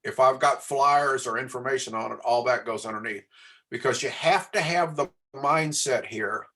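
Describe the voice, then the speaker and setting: A man's voice: mid-range voice, moderate pace, bright, forceful tone. Man coaching a class. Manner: coaching, asks the class questions. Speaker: real estate trainer. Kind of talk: training class talk.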